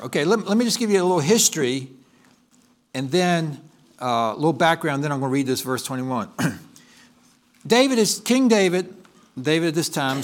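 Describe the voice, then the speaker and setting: A male pastor delivering a sermon, telling a story in an animated way and often correcting himself mid-sentence. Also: on the high side. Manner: animated storytelling, with frequent restarts and self-corrections.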